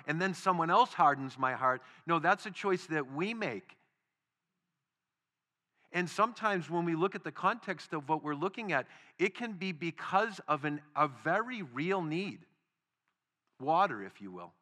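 A man preaching a sermon, emphatic, rising to loud stresses and then dropping quiet. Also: a little high, lively intonation, a little slow. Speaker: pastor.

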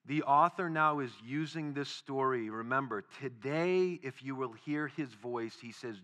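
Male pastor, bright tone, emphatic sermon delivery with big swings in volume. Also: medium pitch, unhurried, few pauses. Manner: emphatic, rising to loud stresses then dropping quiet.

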